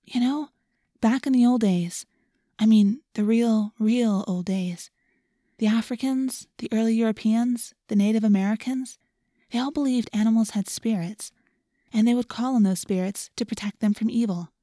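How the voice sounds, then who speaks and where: A woman voicing a gentle, thoughtful teenage girl who speaks softly and reflectively. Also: on the high side, moderate pace, no echo, clean studio sound, lightly acted. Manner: soft, hushed and reflective.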